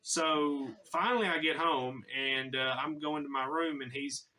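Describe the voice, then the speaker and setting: A man's voice: fairly high pitch, unhurried, bright, forceful tone, recorded from a distance. A man telling a personal story in a casual, chatty way, full of slang.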